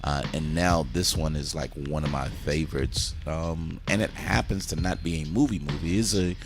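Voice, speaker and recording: Man, very low voice, casual movie review chat, enthusiastic, casual swearing. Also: moderate pace, over music. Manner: enthusiastic, retells scenes at length, swears casually.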